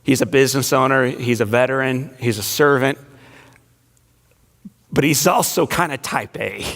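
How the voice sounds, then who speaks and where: Guy telling his story to a big room, jokey one sec then real quiet, mid voice. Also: medium pitch, normal speed, vocal fry. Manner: storytelling, shifting between playful asides and hushed emotional lines. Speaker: inspirational speaker. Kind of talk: inspirational speech to a large audience. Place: large banquet hall.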